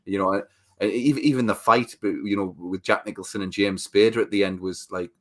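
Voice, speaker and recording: A man with a fairly low voice co-hosts a relaxed podcast chat. He rambles and repeats himself, trips over his words, and drops "mate" into most of his sentences. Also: brisk, no room sound, clean studio sound. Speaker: podcast co-host. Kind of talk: casual chat.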